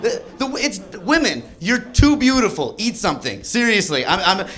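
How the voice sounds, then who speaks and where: A man doing a rambling, excitable stand-up set on a comedy club stage, working the crowd. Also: high-pitched, normal speed.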